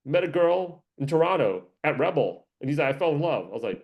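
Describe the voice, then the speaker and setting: A man's voice: on the high side, animated, moderate pace, gravelly, a little mellow. A man hosting a casual career-coaching monologue, rambling, joking and laughing often.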